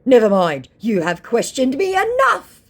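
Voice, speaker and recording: A woman voicing a sulky, evasive young male online scammer, speaking slowly in a high, drawn-out whine. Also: wildly swooping pitch, exaggerated voice.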